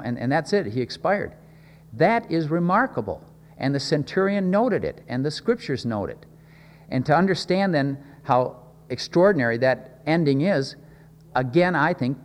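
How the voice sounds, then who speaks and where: A man preaching a sermon, earnest and halting, often repeating words and pausing with fillers. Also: fairly high pitch. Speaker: pastor. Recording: hall reverb.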